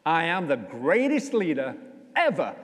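A man's voice: a little high, wildly swooping pitch, measured pace. This is a boastful, self-praising leader put on by a man who brags with a voice that leaps up and down. The impression is mocking and repetitive. It echoes through a church hall.

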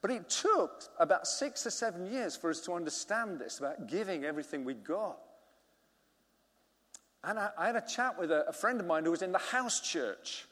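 A man's voice: high voice, sing-song, moderate pace, a bit bright. A middle-aged man, preaching a sermon as a vicar and telling a story with acted-out dialogue. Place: church hall. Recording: long reverb of a church hall.

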